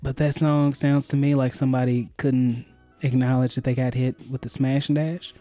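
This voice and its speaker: A man's voice: medium pitch, normal speed, no echo, faint music behind. Loose, profane male podcast co-host. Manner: loose, profane, animated storytelling. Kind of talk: casual chat.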